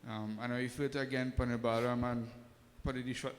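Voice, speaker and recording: A man's voice: medium pitch, level tone, quick pace. A man, a pandit speaking informally and hesitantly to a temple congregation. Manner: hesitant, many ums, friendly. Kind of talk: informal talk at a temple service. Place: temple hall. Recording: reverberant temple hall.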